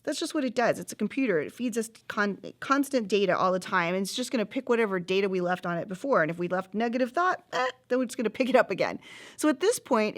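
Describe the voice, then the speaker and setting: A middle-aged woman hosting a self-help course, speaking in an earnest, encouraging way with frequent laughs. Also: mid-range voice. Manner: earnest, warm, animated with laughs. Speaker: course host.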